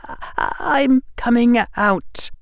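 A man's voice: expressive, drawn-out words, vocal fry, no room sound, studio quality, heavily acted. A man doing a stammering, tearful young boy wizard, Harry Potter. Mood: frightened. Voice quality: high, thin and wavering. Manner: stammering, near tears. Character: frightened eleven-year-old boy wizard. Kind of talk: audiobook character voice.

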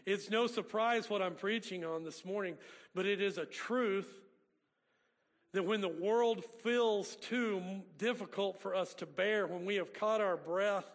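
A man's voice: high voice, unhurried. A man, a pastor preaching a sermon with folksy storytelling. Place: church sanctuary. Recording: long reverb of a church hall.

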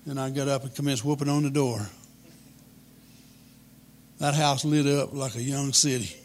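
A man, telling a humorous childhood story in a folksy, deadpan way. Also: medium pitch, normal speed.

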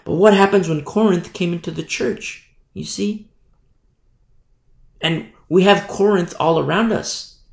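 Emphatic preacher with a gravelly voice. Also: male voice, high voice, unhurried, pauses often. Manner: emphatic, repeats "you see?". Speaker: pastor. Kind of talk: sermon. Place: church hall. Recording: echoey room.

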